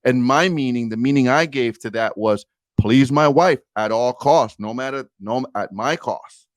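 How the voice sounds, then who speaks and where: There's no room sound as a man in his forties, a guest on a podcast, tells the host a personal story. He speaks unhurriedly in a mid-range voice, earnest and emphatic, in the manner of a candid storytelling interview.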